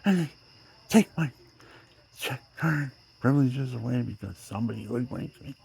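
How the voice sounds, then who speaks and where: A man in his seventies talking in a rambling personal monologue, drifting between loud outbursts and near-whispers. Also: medium pitch, lively intonation, normal speed, creaky, breathy edge. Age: 70s. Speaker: vlogger.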